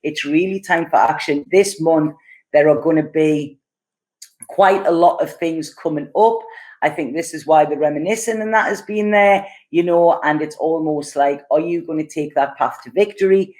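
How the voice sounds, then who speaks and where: A woman's voice: low-pitched, normal speed, darkish tone. A woman giving an earnest, reassuring tarot love reading, often checking in with the listener. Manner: earnest, reassuring, many "okay?" and "you know" asides. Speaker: tarot reader.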